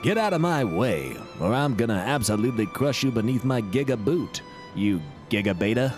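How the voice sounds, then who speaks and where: A man putting on a deep arrogant macho bully voice. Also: expressive, normal speed, over music, close to an everyday voice. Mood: boastful. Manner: boastful, menacing.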